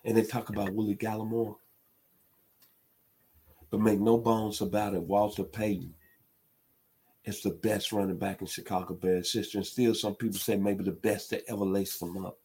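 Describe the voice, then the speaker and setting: A man's voice: fairly low pitch, flat delivery, moderate pace, pauses often, warm tone, slightly rough. A man from Memphis, giving an emphatic sports commentary monologue. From Memphis, Tennessee. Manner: emphatic, builds to impassioned outbursts.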